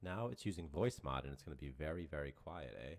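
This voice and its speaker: Brief: deep, low man, casual swearing game dev streamer, muttering frustration. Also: expressive, quick pace. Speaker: game developer on a livestream. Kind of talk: casual livestream chat. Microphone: desk microphone at a computer.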